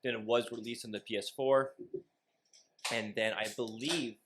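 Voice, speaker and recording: Young guy, podcast co-host, rambles and jokes, swears a lot, mid-pitched. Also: steady tone, moderate pace, fairly bright tone, slightly rough. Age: 20s. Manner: rambling, joking, swears freely. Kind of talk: casual chat.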